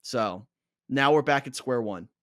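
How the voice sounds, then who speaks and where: A young man co-hosting a casual reaction podcast, talking in an animated, fired-up rant. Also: medium pitch, a little slow, no room sound, clean studio sound. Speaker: podcast co-host.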